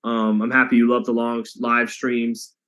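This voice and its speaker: A man's voice: mid-range voice, monotone, normal speed, a bit bright. A man hosting a boxing live stream, chatting casually with viewers and reading their comments aloud, with some swearing.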